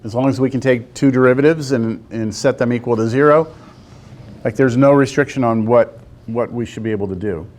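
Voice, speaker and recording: A man teaching a calculus lesson to a class. He talks through a graph step by step and keeps pausing to ask the students whether they see it. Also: medium pitch, a little mellow. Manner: talks to the class, asks lots of check-in questions. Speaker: math teacher.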